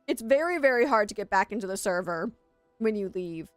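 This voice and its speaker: A woman's voice: a little high, animated, a little fast, clear, resonant tone, dry recording, studio quality, soft background music. A woman streamer chatting on a live gaming stream, rambling and self-deprecating, who also works as an English teacher.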